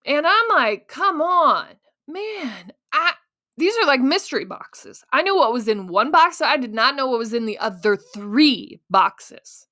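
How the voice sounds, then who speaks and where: A young woman tells a story on her podcast in a loose, casual way. She pokes fun at herself and plays out her own panicked inner voice with lively energy. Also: high voice, moderate pace. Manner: animated, self-mocking, acts out her own panicked inner voice. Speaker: podcast host.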